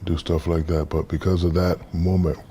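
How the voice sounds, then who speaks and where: A man in his fifties from the United States, an interview guest telling stories in a relaxed, casual way and acting out the voices in them. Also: deep voice, normal speed, a little hiss or hum. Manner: relaxed storyteller, acts out quoted dialogue.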